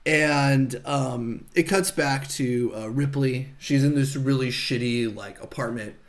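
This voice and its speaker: A man's voice: medium pitch, slow. A man co-hosting a podcast, recapping a film in casual chat and acting out the characters' lines. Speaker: podcast co-host.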